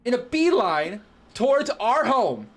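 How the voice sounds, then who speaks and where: A man's voice: extremely high pitch, sing-song, unhurried. A man playing a tabletop game, describing his character's actions with hesitant restarts. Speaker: player. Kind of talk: casual play at a tabletop game.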